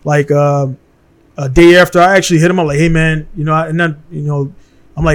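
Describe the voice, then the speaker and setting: A man's voice: fairly high pitch, flat delivery, fairly quick. A man from Baltimore hosting a casual podcast conversation in a studio. He talks in a blunt, heated way and keeps tossing in "man". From Baltimore, USA.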